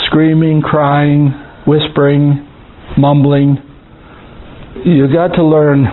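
A man preaching an informal sermon in a conversational way, repeating words and reading scripture verses slowly. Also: mid-range voice. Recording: tinny phone-like sound with faint hiss.

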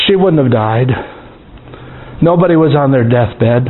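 A man preaching an informal sermon in a conversational way, repeating words and reading scripture verses slowly. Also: medium pitch, expressive. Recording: tinny phone-like sound with faint hiss.

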